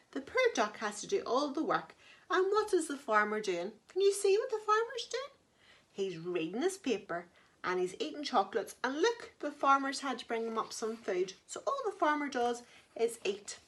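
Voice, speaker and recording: Brief: bright, unhurried woman storyteller reading to kids, asks questions along the way. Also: a little high. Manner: animated, asks the children questions. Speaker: children's storyteller. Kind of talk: reading a picture book aloud.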